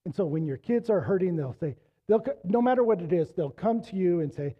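A man's voice: high-pitched, expressive, fairly quick. Man, middle-aged, pastor, fading voice, casual storytelling sermon, muffled lo-fi sound. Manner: conversational storytelling, rising to emphatic exhortation. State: losing his voice.

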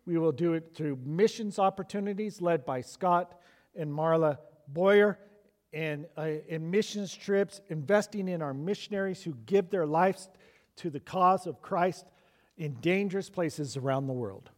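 A man's voice: on the high side, a little slow, a little mellow. A pastor preaching a sermon to his church, emphatic and repeating key lines for stress.

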